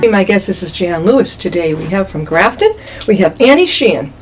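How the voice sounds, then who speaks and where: A woman's voice: medium pitch, lively intonation, brisk, faint music behind, low-quality recording. A woman hosting a community television talk show, chatty and joking with her guest. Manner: chatty, jokey. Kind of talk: casual interview.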